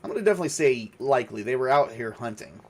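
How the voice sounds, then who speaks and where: A man running a solo tabletop horror game, rolling questions and narrating the results. He talks casually and thinks aloud, with frequent pauses and fillers. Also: mid-range voice, animated, darkish tone. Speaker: game master and solo player.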